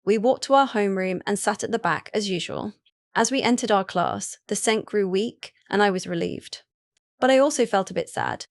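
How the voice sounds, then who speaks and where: A woman's voice: medium pitch, normal speed, dry recording, clean studio sound. A woman narrating a first-person story in a casual, chatty way with asides to the listener.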